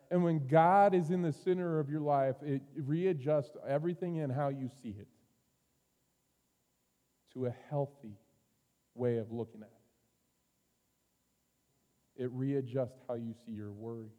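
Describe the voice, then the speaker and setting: Earnest pastor preaching in an echoing hall. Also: male voice, medium pitch, steady tone, a little slow, long pauses. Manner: earnest, swings from loud urging to quiet. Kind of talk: sermon. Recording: long reverb of a hall.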